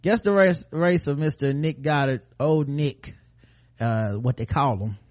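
A man's voice: on the high side, measured pace, a little mellow, muffled recording. A man co-hosting a comedy podcast, reading a news story aloud and breaking off for crude jokes. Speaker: podcast co-host. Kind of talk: comic news read with banter.

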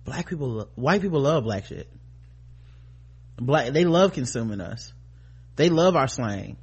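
A man co-hosting a podcast, with a voice of middling pitch that talks loosely and openly. He swears freely and sometimes punches up his points hard. Fillers and small restarts run through his talk. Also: unhurried, slightly rough, muffled recording. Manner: animated, profane, rising to emphatic outbursts. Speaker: podcast co-host. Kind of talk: casual commentary chat.

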